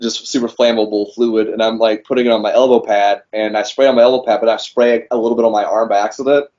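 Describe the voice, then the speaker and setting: Chill guy rambling thru stories, lowish voice, kinda muffled audio. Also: flat delivery, quick pace, darkish tone. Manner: laid-back storytelling, many fillers, laughs often. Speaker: guest wrestler. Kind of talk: casual interview chat. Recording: dull lo-fi sound.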